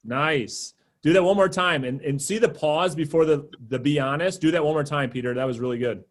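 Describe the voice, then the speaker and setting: A man coaching a group of agents on a live video call, giving quick, upbeat praise and cues. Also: fairly high pitch. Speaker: sales coach.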